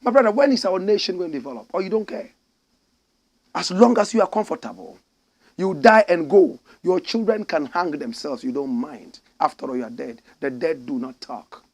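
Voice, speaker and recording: A man with a Ghanaian English accent giving fiery, indignant commentary as a show host, swinging from shouts to low, pointed lines. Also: expressive, moderate pace. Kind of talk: impassioned commentary.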